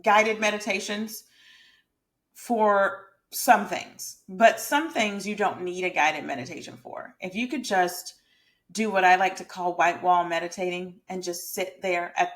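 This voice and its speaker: In a casual direct-to-camera talk, a hairstylist who also creates lifestyle and mindset content speaks straight to her viewers, chatty, emphatic, and motivating. Her voice is fairly low in pitch with a bit of brightness.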